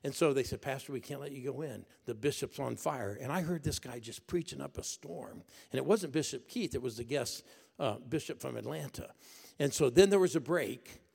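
An older man preaching a storytelling sermon to a congregation in a church, animated and building to excited shouts. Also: mid-range voice, normal speed, vocal fry, slightly rough. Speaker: pastor. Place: church auditorium. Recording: echoey church hall.

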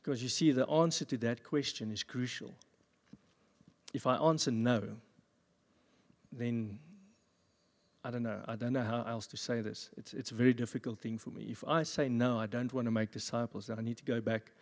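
A man pastor giving a sermon at a church service, with jokey, animated asides. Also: medium pitch, normal speed. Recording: long reverb of a church hall.

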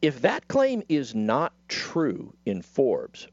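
A man's voice: medium pitch, huge pitch swings, slow pace, no room sound. A man co-hosting a casual talk show, with dry wry humor. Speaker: co-host. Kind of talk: casual chat. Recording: dry, dull lo-fi audio.

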